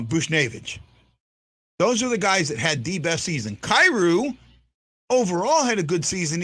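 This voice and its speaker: A man hosts a casual fan stream, talking in a rambling, chatty way and teasing his viewers. His slightly high voice swings up and down with a lot of life. The sound is dry, with no room echo. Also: a bit bright. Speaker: fan podcast host. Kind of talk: casual live-stream commentary.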